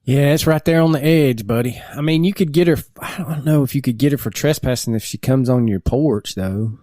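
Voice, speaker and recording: A man co-hosting a podcast, chiming in with loud, emphatic remarks. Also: medium pitch, brisk, no room sound, clean studio sound. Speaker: podcast co-host. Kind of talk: casual chat.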